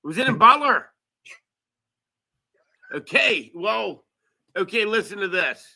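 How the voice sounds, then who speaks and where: A man's voice: sits high, lively intonation, slow, sharp tone. A man chatting as a podcast guest, telling rambling, profane local stories. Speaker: guest, local news video maker. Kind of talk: casual podcast chat.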